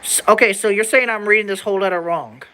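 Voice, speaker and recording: Bright, slangy young streamer sounding words out. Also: mid-range voice, fast talker, smooth, poor audio. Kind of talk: casual livestream chat while reading an old document aloud.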